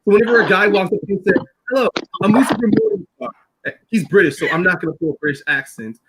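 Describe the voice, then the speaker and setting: A man on a casual group podcast, talking in an animated way with quick asides and laughter. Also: sits high, a little hiss or hum, rough recording. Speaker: podcast panelist.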